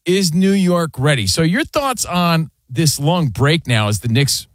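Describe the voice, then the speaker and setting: A man hosting a sports talk radio show, talking fast and animated, throwing in casual asides like "man" and "dude". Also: on the high side, dry recording. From US East Coast. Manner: animated, rapid, says man and dude a lot. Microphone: studio microphone.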